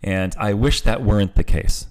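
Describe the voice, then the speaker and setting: A man in his late forties chats on a podcast in a lowish voice, candid and joking. He swears easily and keeps a loose, conversational flow. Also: moderate pace. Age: 40s. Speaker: podcast host. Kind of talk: casual podcast chat.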